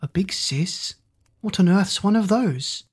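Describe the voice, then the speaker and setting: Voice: medium pitch, lively intonation, unhurried, a little mellow, husky, voice pushed up. A reader putting on a coaxing storybook ghost. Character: eerie male ghost luring a child.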